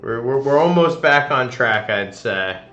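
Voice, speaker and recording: Man, stream host, casual gameplay commentary, chatty, bright voice, echoey room. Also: mid-range voice, animated, measured pace, muffled recording, faint music behind. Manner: chatty, laughs often. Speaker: let's-play streamer.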